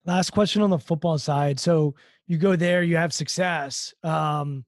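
A man's voice: fairly high pitch, steady tone, unhurried, no room sound, clean studio sound. A man interviewing a guest, asking questions in a casual, thoughtful way.

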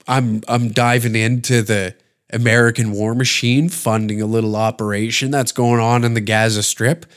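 Rambling, sarcastic podcast ranter. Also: male voice, medium pitch, moderate pace. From Canada. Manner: rambling, sarcastic, profane, with many restarts. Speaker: podcast host. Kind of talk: comedic podcast rant.

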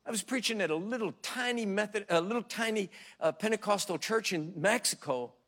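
A man's voice: sits high, brisk. Dramatic storytelling male preacher. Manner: dramatic, swinging from hushed to loud; acts out quotes in voices. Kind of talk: sermon with storytelling.

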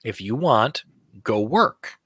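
Fired-up guy ranting on a talk show, bright forceful voice, dry close mic. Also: mid-range voice, lively intonation, slow pace, husky, no echo. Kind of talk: heated political chat.

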